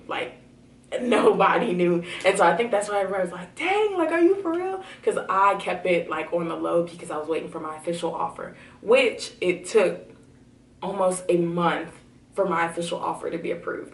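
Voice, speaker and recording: A young woman telling a personal story to her camera at home, chatty with many fillers and excitement. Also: on the low side, a little hiss or hum. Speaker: vlogger. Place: home room. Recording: roomy, slightly distant camera audio.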